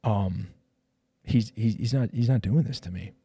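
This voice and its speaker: A man's voice: fairly low pitch, a little slow, slightly rough, no room sound. A middle-aged man, a retired police officer, telling his own story in a casual podcast chat, swearing freely and acting out the lines of the people in it. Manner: profane, animated retelling with quoted dialogue.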